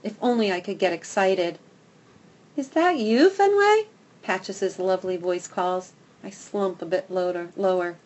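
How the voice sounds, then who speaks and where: A woman narrating a children's storybook in the first person, expressive and lively. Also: fairly low pitch, moderate pace, highs cut off. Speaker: audiobook narrator.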